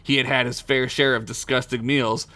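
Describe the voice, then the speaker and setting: A man's voice: medium pitch, flat delivery, normal speed, pushed and bright, dry recording. A man reading his own crude comic story aloud for a podcast, giggling at his jokes and tripping over made-up names. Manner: stumbles over invented names.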